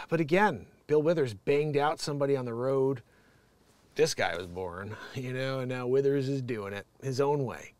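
A man's voice: mid-range voice, a little mellow, dry recording. A man hosting his own show, ranting comically from a home studio, rambling, profane and laughing often. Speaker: show host. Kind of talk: ranting comedic commentary.

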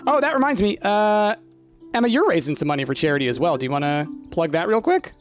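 Guy streaming a chill game w a friend, super lively voice, cracking jokes, light music behind. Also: high voice, fast talker. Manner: animated, laughs often, jokey. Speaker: let's play streamer. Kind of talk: casual co-op gaming chat.

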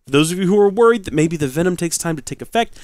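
Higher-voiced guy rambling thru a story for his let's play viewers, dry close sound. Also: rapid-fire, dry recording. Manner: chatty, rambling, rising excitement in anecdotes. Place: at home near his recording setup.

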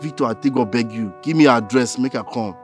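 A man's voice: medium pitch, fast talker, faint music behind, close to an everyday voice. An actor with a Nigerian accent playing a young man who begs a friend and his mother for help. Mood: pleading. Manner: pleading, urgent. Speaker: son.

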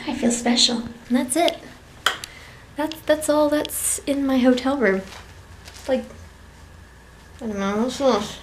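A woman's voice: sits high, fairly even intonation, takes it slowly, pauses often, slight background noise. A tired young woman chatting casually as she vlogs a tour of a small hotel room, with self-deprecating asides. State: tired and yawning. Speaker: vlogger.

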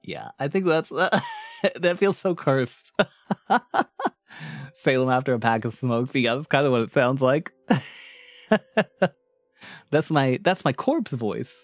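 A man chatting casually on a live stream, playful and quick to laugh, shifting his voice from bright to low. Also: big pitch swings, no echo, soft background music.

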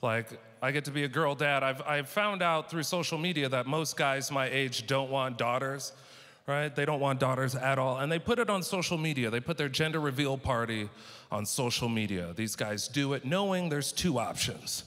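A man from San Diego performing an animated stand-up comedy set, acting out quotes as he tells stories. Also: medium pitch, moderate pace. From San Diego, California. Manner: animated, punchy storytelling with acted-out quotes. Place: stage at a live comedy show. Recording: live venue with long reverb, faint noise.

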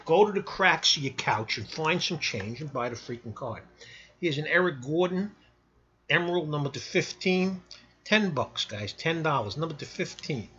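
A man giving a blunt, pushy casual sales pitch to camera while selling sports cards. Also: animated, normal speed, pushed and bright, husky, dull audio. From New York. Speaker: sports card seller.

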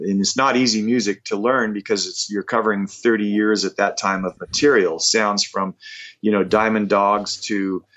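Self-deprecating man in his fifties, lowish voice. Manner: animated, self-deprecating anecdotes. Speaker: rock musician guest. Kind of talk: casual interview storytelling. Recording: dull lo-fi audio.

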